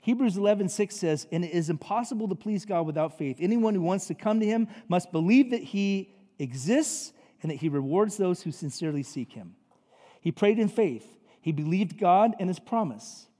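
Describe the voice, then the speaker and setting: Man preaching, high voice, animated, conversational asides, long hall reverb. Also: moderate pace. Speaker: pastor. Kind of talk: sermon. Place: church sanctuary.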